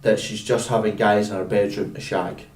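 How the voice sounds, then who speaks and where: A man co-hosting a casual podcast, talking in an animated, incredulous way with a lot of swearing. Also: fairly low pitch, normal speed, far from the mic. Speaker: podcast co-host. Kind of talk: casual film review chat. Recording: echoey room, away from mic.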